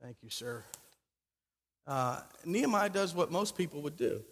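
Pastor guy preaching, pretty high voice, lively storytelling, long echo off a big church hall. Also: unhurried. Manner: animated storytelling preaching with rising emphasis. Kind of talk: sermon. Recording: long reverb of a large hall.

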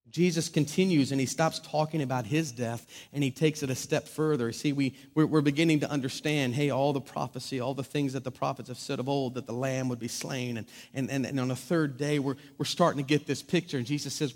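A man preaching a sermon in a large church hall, impassioned, swinging from loud proclaiming to hushed intimacy. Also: mid-range voice, fairly even intonation, fairly quick, hardly any pauses. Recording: long reverb of a large hall.

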